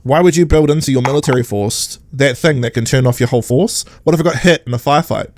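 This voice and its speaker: A man's voice: mid-range voice, quick pace, dry recording. A man, co-hosting a podcast and recapping an episode in casual, sarcastic chat with mocking quoted voices. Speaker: podcast co-host.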